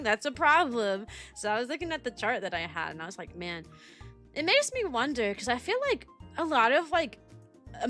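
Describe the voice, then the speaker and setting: A young woman streaming as a kindergarten teacher, chatting casually and animatedly with many fillers. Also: on the high side. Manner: rambling and animated, many fillers, laughs often. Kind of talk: casual livestream chat.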